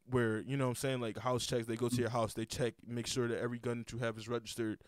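A man's voice: medium pitch, level tone, fast talker, hardly any pauses, dry recording, studio quality. Rambling young man hosting a podcast. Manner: rambling, repeats words, curses freely. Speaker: podcast host. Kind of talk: casual podcast chat.

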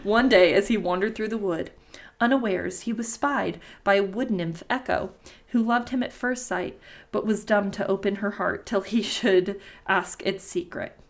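A woman's voice: medium pitch, moderate pace. Woman, podcast host, reading an old myth aloud, casual asides. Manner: reads old-fashioned prose aloud, breaking off for profane asides.

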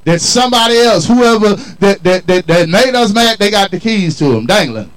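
Male preacher, high and expressive, emphatic colloquial sermon delivery. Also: moderate pace, rough recording. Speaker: pastor.

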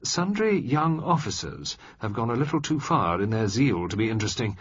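A man doing a dry, deliberate old minister. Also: medium pitch, big pitch swings, a little hiss or hum, lightly acted. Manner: dry, measured and decisive. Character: shrewd, assured older male government minister. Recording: slightly muffled dry recording.

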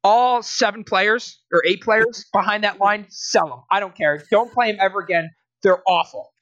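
A man's voice: sits high, moderate pace, a bit bright, no room sound, muffled recording. A young man co-hosting a casual sports podcast, ranting in exasperation, laughing and restarting his sentences. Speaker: podcast co-host.

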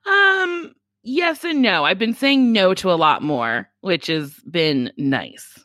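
A woman's voice: lowish voice, sing-song, takes it slowly, a bit bright, dry recording, studio quality. A woman comedian, a guest on a chat podcast, talking bluntly, swearing freely and acting out other people's lines. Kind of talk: casual chat.

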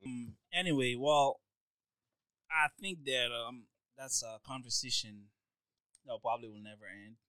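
A man's voice: medium pitch, a little slow, pushed and bright, clear, resonant tone, dry recording, poor audio. A man in a heated casual debate, pushing his point and repeating his questions.

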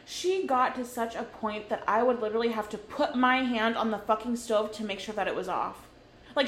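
A young woman in her twenties tells a story on a podcast with a slightly high voice and lots of swearing. She talks animatedly in casual chat. The room echoes around her, with a faint background hiss. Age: 20s. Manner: swears constantly, animated retelling. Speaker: podcast co-host.

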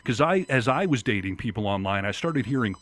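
A man's voice: lowish voice, expressive, brisk, a bit bright. A middle-aged man, a radio talk show host, telling a personal story in casual chat and acting out the voices of people he quotes.

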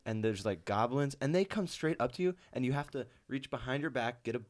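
A man's voice: medium pitch, expressive, brisk. Laid-back young man, casual chat. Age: 20s. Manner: laid-back, drawling, filler-heavy. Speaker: podcast co-host. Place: podcast studio.

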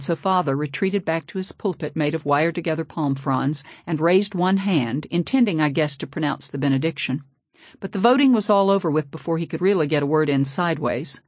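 A woman narrating a novel in the first person, steady and low-key, close to the mic. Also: dry recording. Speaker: audiobook narrator. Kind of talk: audiobook narration.

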